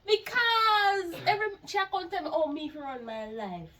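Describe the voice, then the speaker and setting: A woman with a Jamaican accent, speaking quarrelsome patois dialogue in a low-budget film. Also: sing-song, moderate pace, bright, forceful tone.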